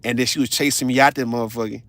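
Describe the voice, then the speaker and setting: A man tells stories on a casual livestream, blunt, profane and animated. His voice carries a gravelly rasp in a mid register, and the sound is dry and close. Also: medium pitch, rapid-fire, no room sound. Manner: blunt, confrontational.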